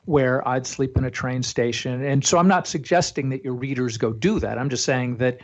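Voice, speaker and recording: A middle-aged man talking as an interview guest, chatty and animated as he tells stories. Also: medium pitch, normal speed. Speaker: guest, travel publisher. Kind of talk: casual interview talk. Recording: slightly dull lo-fi audio.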